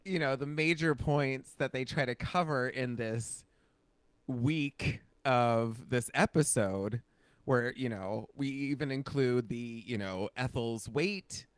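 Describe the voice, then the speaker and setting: A man's voice: mid-range voice, slow, clear, resonant tone, no room sound. A man co-hosting a podcast in casual chat, rambling and full of fillers. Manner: chatty, rambling with many fillers. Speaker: podcast co-host.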